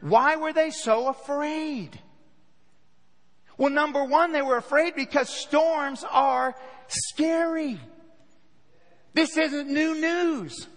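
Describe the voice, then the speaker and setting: A man with a very high voice preaches a sermon, painting scenes for his listeners and slipping into hushed asides. His voice rings out through a large hall with long reverb, the sound of a church sanctuary. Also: fairly even intonation, slow pace, long pauses. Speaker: pastor.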